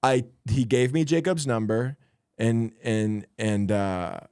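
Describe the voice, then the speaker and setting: A man's voice: medium pitch, takes it slowly, a little mellow, smooth, no room sound, clean studio sound. A young man, a stand-up comedian and podcast co-host, telling a long story in casual chat and acting out the other people in it.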